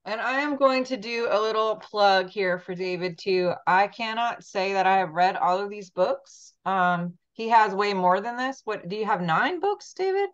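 A woman's voice: mid-range voice, lively intonation, normal speed, hardly any pauses. A woman hosting a podcast in casual chat, gushing and chatty with many ums, talking over a video call. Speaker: podcast host. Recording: dull lo-fi sound.

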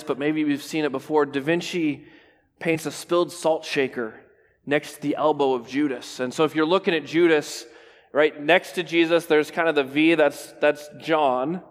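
Man, sermon, fairly high voice, dramatic pauses, hushed key words, long church reverb. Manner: preaching with restarts and rhetorical "right?". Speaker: pastor.

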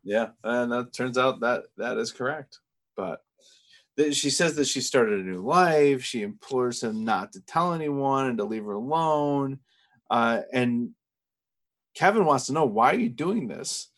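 A man co-hosting a podcast, casually recapping a TV episode from his notes in a relaxed, measured way. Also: mid-range voice. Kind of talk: casual chat.

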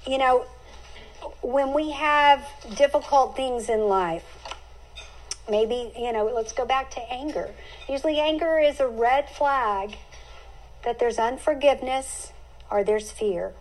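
A woman's voice: high-pitched, takes it slowly, pauses often, a little hiss or hum, rough recording. A middle-aged woman hosting a Bible teaching podcast, speaking earnestly and heartfelt, with homey turns of phrase.

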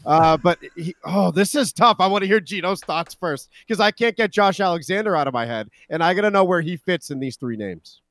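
A man's voice: high-pitched, expressive, brisk, hardly any pauses, a bit bright, no echo, clean studio sound. A man co-hosting a casual wrestling chat, brash and profane, trash-talking his co-hosts. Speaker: podcast co-host.

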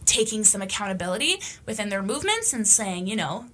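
A woman's voice: medium pitch, very animated, a little fast, few pauses, sharp tone. A woman hosting a podcast, talking in a casual, opinionated monologue, emphatic and blunt, with the odd swear word. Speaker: podcast host.

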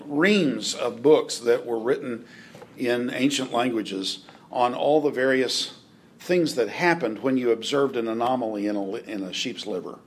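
Halting man teaching a Bible class. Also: medium pitch. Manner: halting, many fillers and restarts, dry joking asides.

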